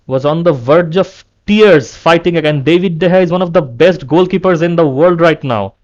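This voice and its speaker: A man in a heated fan rant, with a slightly high voice. He talks in a fed-up way, repeats himself and often restarts his sentences. It is a casual solo vlog. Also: a little mellow, muffled recording. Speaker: football fan vlogger. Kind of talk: angry fan rant to camera.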